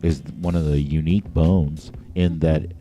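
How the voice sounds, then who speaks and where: A man's voice: very deep voice, unhurried, soft background music. A man co-hosting a casual chat show, telling a story with lots of swearing and acting out the voices of the people in it. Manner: animated storyteller, acts out voices of people in his stories; crude, swears freely. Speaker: podcast co-host.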